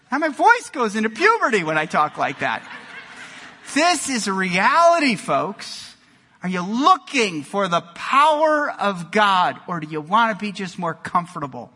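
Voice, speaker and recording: A male pastor delivering an energetic sermon in a church, moving between loud exclamations and quiet emphasis. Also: high-pitched, unhurried. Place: church sanctuary. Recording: long hall reverb.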